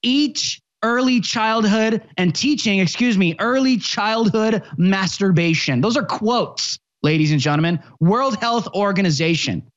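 A speaker in their twenties hosting a political commentary show, ranting with impassioned, sarcastic shouting. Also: medium pitch, expressive, a little slow, hardly any pauses, lo-fi sound.

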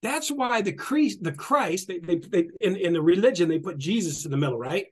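A middle-aged man with a notably high voice gives a passionate spiritual talk. He is animated and repetitive, acts out the quotes he tells and laughs often. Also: normal speed. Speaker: spiritual guest speaker.

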